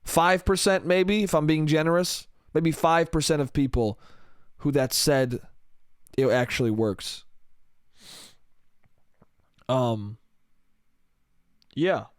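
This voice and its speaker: A man's voice: a little high, steady tone, takes it slowly, pauses often, clean tone, no echo, clean studio sound. A young man hosting a solo podcast, rambling crudely and laughing at his own jokes. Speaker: podcast host.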